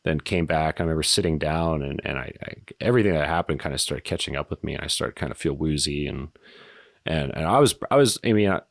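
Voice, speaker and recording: A man in his thirties, a retired soldier and podcast guest, telling a story in a casual, halting way with lots of fillers and swearing. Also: extremely low pitch, lively intonation, gravelly, dry recording.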